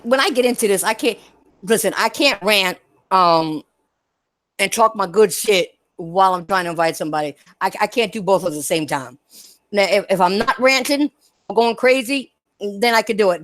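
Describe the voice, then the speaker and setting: A young woman streaming, ranting bluntly and profanely to her viewers, laughing often between points. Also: mid-range voice. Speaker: gaming streamer. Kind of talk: live-stream rant to chat.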